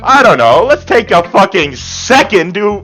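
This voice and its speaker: A male let's-play gamer reads a visual novel aloud and breaks in with sarcastic, quick reactions and the odd curse. His voice is mid-pitched, with a bright, forceful tone. Faint game music plays underneath. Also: big pitch swings, poor audio.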